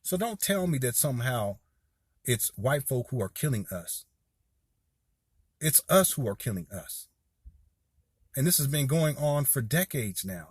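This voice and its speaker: A man's voice: mid-range voice, breathy edge, no echo, clean studio sound. A man in his forties from Southern California giving heated, rambling commentary straight to his viewers, talking to them as "y'all". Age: 40s. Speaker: video commentator. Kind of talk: impassioned direct-to-camera commentary.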